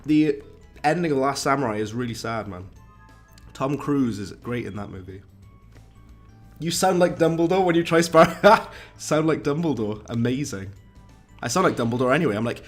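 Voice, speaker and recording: Casting: posh-sounding man, rambling game-stream chatter, mid-pitched. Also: lively intonation, moderate pace, soft background music. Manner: chatty, rambling, talks to viewers. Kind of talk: casual game-stream chat.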